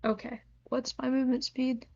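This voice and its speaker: A woman's voice: sits high, flat delivery, normal speed, vocal fry, a little mellow, dull audio. A woman player in a tabletop game, chatting casually in a laid-back, blunt way.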